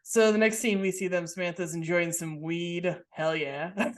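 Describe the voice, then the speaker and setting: A woman co-hosting a podcast, recapping a TV show in casual chat, wry and quick to laugh. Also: fairly low pitch. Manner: chatty, laughs easily, wry. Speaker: podcast co-host.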